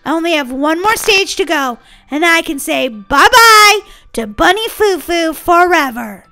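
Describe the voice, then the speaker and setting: Bubbly high-voiced woman playing a game. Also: animated, measured pace, sharp tone, faint music behind. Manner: bubbly, giggly, silly. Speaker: gaming channel host. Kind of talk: playful let's-play commentary.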